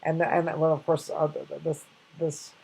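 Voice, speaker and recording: A woman's voice: deep voice, little pitch movement, moderate pace, vocal fry, mellow, slightly rough, low-quality recording. An older woman casually sharing reflective anecdotes, rambling with many restarts and fillers.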